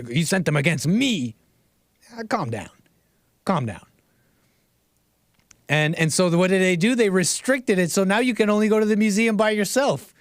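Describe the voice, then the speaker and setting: A man talks off the cuff on his livestream, circling back on his phrases and dropping a questioning "right?" after his points. His voice sits fairly high for a man. The sound is dry, with no room echo. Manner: rambling, restarts phrases, tags sentences with "right?"; chuckles between remarks. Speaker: livestream host. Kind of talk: casual livestream commentary.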